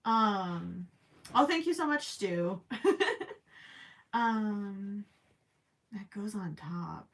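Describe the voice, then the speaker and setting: Woman, crochet stream host, casual chat, unhurried, rambling, self-deprecating. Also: medium pitch, lively intonation.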